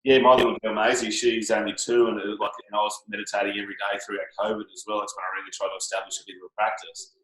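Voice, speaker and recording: A young adult man hosting a casual interview, chatting in a relaxed way. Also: on the low side, very fast. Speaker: podcast host. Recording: echoey room.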